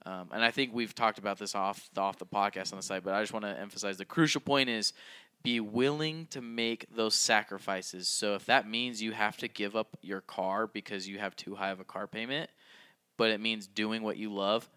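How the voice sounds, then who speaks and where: A man's voice: lowish voice, fairly even intonation, moderate pace, sharp tone, clean tone. A young man co-hosting a casual podcast, telling a story in a rambling way full of likes and ums. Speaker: podcast co-host.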